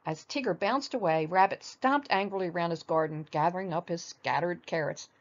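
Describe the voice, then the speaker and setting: An older woman reading a children's storybook aloud in a gentle, expressive manner. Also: fairly low pitch, brisk, hardly any pauses, lo-fi sound.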